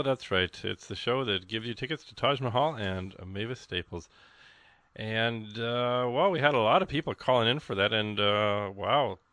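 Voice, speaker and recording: A man's voice: medium pitch, fairly bright tone, no echo. A man hosting a radio show, chatting casually in a rambling, folksy way with plenty of ums and uhs. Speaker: radio host. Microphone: studio microphone.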